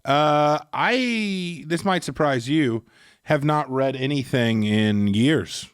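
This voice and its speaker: A man's voice: mid-range voice, takes it slowly, clear, resonant tone, no room sound. A laid-back man chatting on a podcast, laughing easily. His voice rises and falls a lot and sounds dry and close. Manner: laid-back, laughs often, lively intonation. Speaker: podcast co-host. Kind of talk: casual chat.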